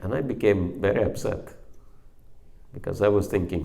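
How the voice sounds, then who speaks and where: A man with a Russian accent giving a sermon as a monk preacher, measured and hesitant, pausing between phrases. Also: low voice, gravelly, mellow. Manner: slow, measured, with pauses and hesitations.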